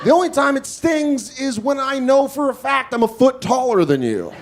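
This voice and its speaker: A man doing stand-up storytelling, animated, profane and self-mocking, in a comedy club. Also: very high voice, moderate pace, a little hiss or hum.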